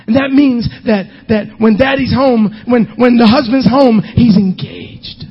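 A male pastor preaching a sermon, emphatic, often shouting and half-singing his lines. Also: extremely high pitch, measured pace, few pauses, slightly rough, highs cut off.

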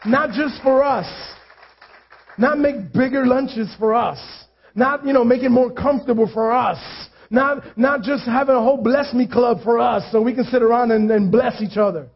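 High-voiced pastor preaching casually. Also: male voice, moderate pace, husky. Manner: conversational preaching, self-deprecating asides, repeated phrases for emphasis. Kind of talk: sermon. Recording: dull lo-fi church recording.

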